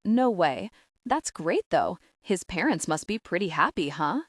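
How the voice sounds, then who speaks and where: A woman's voice: fairly low pitch, very animated, unhurried, no room sound, clean studio sound. A woman reading the part of a wry, sassy teenage girl psychic in an audiobook. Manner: sassy, teasing.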